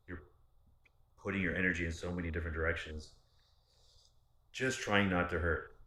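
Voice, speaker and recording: A man's voice: low-pitched, pushed and bright. A man casually telling a personal story in a candid, rambling, profane way. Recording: roomy echo.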